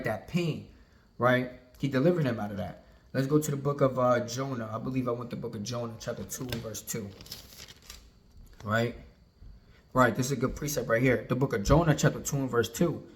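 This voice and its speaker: A man leading an informal Bible study, reading old-style verses slowly and then explaining them in loose, conversational talk. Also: mid-range voice, a bit bright. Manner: reads King James verses slowly, then explains in casual talk with frequent "right?". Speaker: Bible teacher.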